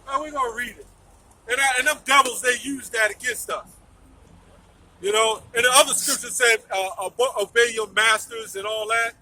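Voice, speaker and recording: Emphatic high-voiced man preaching outdoors. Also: moderate pace, sharp tone, far from the mic, low-quality recording. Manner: emphatic, questioning, repeats phrases. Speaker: street preacher. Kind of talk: street debate.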